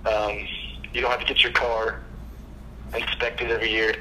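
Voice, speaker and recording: A young man, a guest chiropractor, telling stories in a casual podcast chat with an animated, laughing manner. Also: medium pitch, normal speed, a little hiss or hum, low-quality recording.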